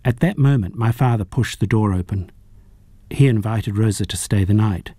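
A man narrating a novel as an audiobook reader, in a measured, even storytelling manner. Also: on the low side, no echo, clean studio sound. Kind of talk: audiobook reading.

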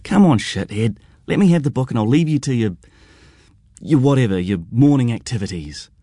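A man's voice: lowish voice, very animated, normal speed, darkish tone, no echo, clean studio sound, voice pushed up. A man voicing a young man who snaps at his older brother in irritation. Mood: irritated. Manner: scowling, exasperated.

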